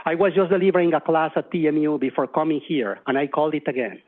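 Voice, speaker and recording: A man's voice: fairly high pitch, fast talker. Mexican-accented man telling stories onstage. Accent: Mexican Spanish. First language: Spanish. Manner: animated, acts out dialogue, frequent restarts. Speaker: conference speaker. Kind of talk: storytelling keynote talk. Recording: tinny phone-like lo-fi sound.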